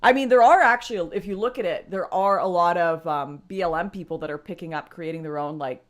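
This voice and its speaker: A woman's voice: on the low side, a little fast. Chatty young woman hosting a livestream. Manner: chatty, laughs often, talks to viewers. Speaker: livestream host. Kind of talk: casual livestream chat.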